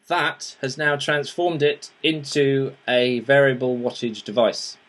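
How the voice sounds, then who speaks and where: At a measured pace, a man with a medium-pitched, slightly bright voice and fairly even intonation shows off and reviews vaping equipment. His talk is loose and rambling with restarts and filler words, until he becomes earnest and pleading in asking viewers to do something.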